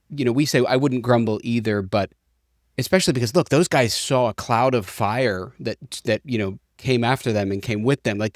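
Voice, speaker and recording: A man co-hosting a casual Bible discussion, animated and acting out everyday complaints. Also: mid-range voice, no room sound, clean studio sound. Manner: animated, acts out quoted complaints. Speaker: podcast co-host.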